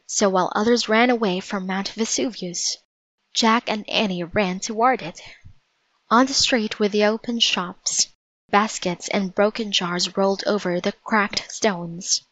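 A woman narrating a storybook in a measured, vivid read-aloud manner. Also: mid-range voice, fairly bright tone, dry recording, rough recording.

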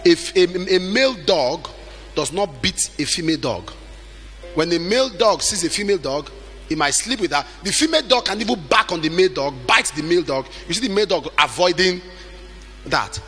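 A middle-aged man preaching a sermon with emphatic delivery, at times shouting and acting out the people he quotes. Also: high voice, animated, brisk, faint music behind.

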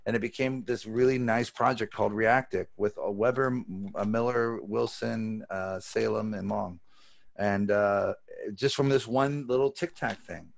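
Over a video call, a man with a low-ish, gravelly and creaky voice lectures on magic at an unhurried pace. He tells his story casually and animatedly, swearing freely.

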